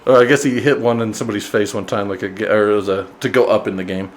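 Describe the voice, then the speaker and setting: Man, podcast co-host, low voice, relaxed, agreeable, casual chat. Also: quick pace, slight background noise.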